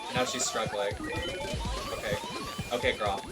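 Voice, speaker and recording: A young adult streamer giving sassy, animated live commentary on a game and swearing freely. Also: mid-range voice, normal speed. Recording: clear game music underneath. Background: game music.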